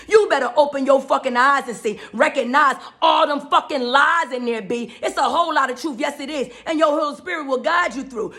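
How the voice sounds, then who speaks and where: A woman delivering a fiery, profanity-laced spiritual rant, preaching and often shouting. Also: high voice. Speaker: spiritual speaker.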